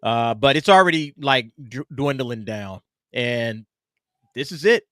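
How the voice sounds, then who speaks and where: A man hosting a casual livestream podcast, reading super chats with quick asides. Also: medium pitch, expressive, a bit bright, clear, resonant tone, no room sound, studio quality. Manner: laid-back, reads super chats aloud with quick asides. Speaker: podcast host.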